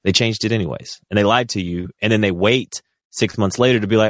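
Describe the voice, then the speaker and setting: A man co-hosting a podcast, talking in a casual, rambling, animated way with frequent restarts. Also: fairly low pitch, quick pace, no room sound, clean studio sound. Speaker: podcast co-host.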